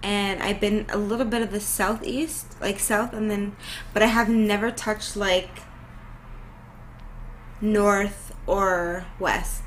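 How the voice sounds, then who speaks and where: A young woman, co-hosting a podcast in casual, slangy, animated chat. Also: medium pitch, slow pace, slight background noise, low-quality recording. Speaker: podcast co-host.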